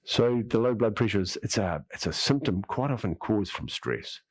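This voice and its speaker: Husky and fairly low, this Australian man's voice has lively intonation and a normal speed, recorded with no room sound. He leads a qigong class through breathing and moves before drifting into rambling about his theories, repeating words and frequently saying "yep".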